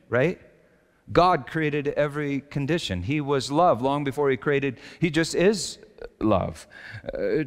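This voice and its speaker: A male pastor preaching a reflective sermon, slowing down to stress his key lines. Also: on the high side, creaky. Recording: long hall reverb.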